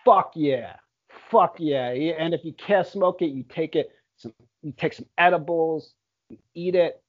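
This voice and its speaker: Laid-back swearing man, slightly high voice. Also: measured pace. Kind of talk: casual chat. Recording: dull lo-fi audio.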